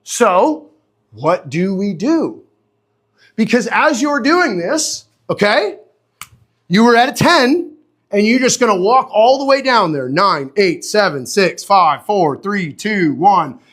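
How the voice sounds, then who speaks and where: A man teaching as a dog trainer in a live online class, animated and conversational, often checking in with his listeners and answering viewers by name. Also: high voice, takes it slowly. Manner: replies to viewers' comments by name.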